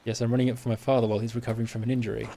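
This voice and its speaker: A man's voice: medium pitch, flat delivery, very fast, noisy background, natural voice. A man reading a practical young woman. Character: young woman printer's daughter, practical and modest.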